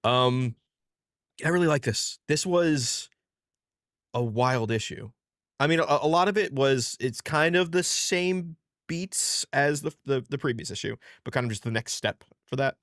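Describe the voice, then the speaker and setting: A man's voice: medium pitch, expressive, a little slow, a bit bright, dry recording, clean studio sound. A man co-hosting a comics podcast, rambling in a laid-back way and swearing freely. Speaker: podcast co-host. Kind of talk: casual comics podcast chat.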